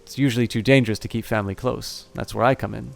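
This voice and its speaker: A man voicing a small, fierce female orc who works as a nanny, speaking in a brisk, scolding way. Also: medium pitch, fairly even intonation, vocal fry. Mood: proud.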